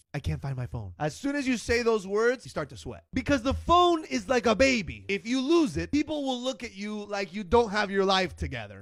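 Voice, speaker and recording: A man performing a stand-up comedy set, animated and acting out the voices of the people he quotes. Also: high-pitched, no echo. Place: at home.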